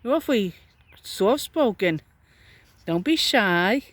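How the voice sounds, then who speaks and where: A woman films farm animals outdoors and chats to them in a coaxing, baby-talk tone. Her voice sits at an ordinary pitch and comes through close and dry on a handheld camera. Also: animated, slow, no echo. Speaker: vlogger filming farm animals. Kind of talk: casual talk to animals while filming.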